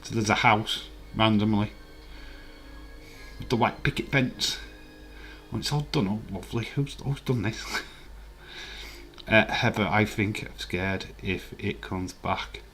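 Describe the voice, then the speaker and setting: Male streamer in his forties, lowish voice, easygoing rambling chat. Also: measured pace, pauses often, a bit bright, faint music behind. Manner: laid-back, rambling commentary with filler words. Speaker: streamer hosting a live watch-along. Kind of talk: casual live-stream chat, reading viewer comments.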